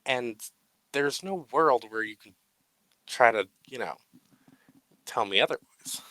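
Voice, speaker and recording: Bright-voiced man giving mock-epic speeches. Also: mid-range voice, expressive, slow, no room sound, rough recording. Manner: mock-grandiose speeches, swearing, laughing at himself. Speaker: podcast co-host. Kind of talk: casual unedited chat.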